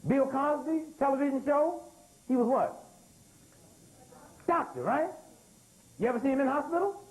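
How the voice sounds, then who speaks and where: Older male lecturer, very lively pitch, call-and-response with the audience, emphatic repetition. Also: moderate pace, rough recording. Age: 60s. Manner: animated, calls out to the crowd for responses; emphatic, repeats key words.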